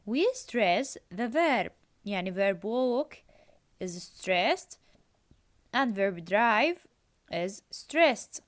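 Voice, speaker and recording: A woman's voice: medium pitch, lively intonation, extremely slow. A woman, an Arabic speaker, teaching an English lesson. She reads the exercises aloud, repeats key phrases and explains grammar in Arabic. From Jordan. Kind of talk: recorded classroom lesson.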